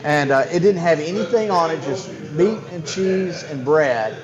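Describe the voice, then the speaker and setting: A man's voice: on the high side, animated, unhurried, muffled recording, a crowd in the background. A man hosting a casual show from a lounge, telling stories with lots of restarts and enthusiasm. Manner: rambling, enthusiastic storyteller with many restarts. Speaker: host. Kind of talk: casual chat. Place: bar lounge.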